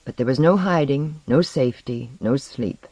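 An audiobook narrator giving a measured, dramatic reading of scripted narration. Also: mid-range voice, dark tone, no echo, muffled recording.

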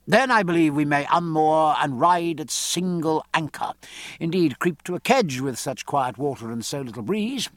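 Male reader as a blunt ship's captain; crisp orders, lively rise and fall. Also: on the high side, normal speed, no room sound. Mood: commanding.

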